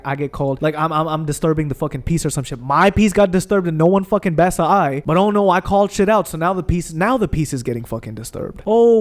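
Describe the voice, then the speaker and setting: A man's voice: fairly high pitch, a little mellow. A young man ranting profanely while playing a video game, telling a long heated story about his friends. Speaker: gaming streamer. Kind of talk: ranting commentary over gameplay.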